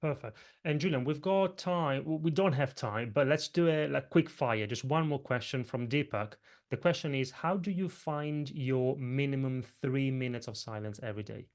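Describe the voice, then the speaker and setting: A man moderating a live online Q&A in an even, middle-pitched voice. He reads audience questions aloud and stumbles a little, repeating words as he goes. He is heard through a video call mic. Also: moderate pace. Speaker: host and moderator.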